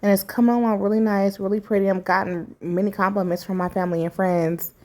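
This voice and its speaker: A woman's voice: mid-range voice, level tone, quick pace, warm tone. A middle-aged woman talking candidly through a home repair in a chatty, casual vlog, with many fillers along the way. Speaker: vlogger. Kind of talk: casual DIY vlog narration.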